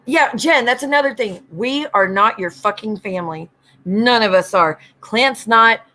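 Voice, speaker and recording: A woman's voice: on the high side, unhurried, sharp tone. A woman hosting a casual livestream, greeting viewers by name and ranting bluntly with lots of swearing. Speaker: livestream host.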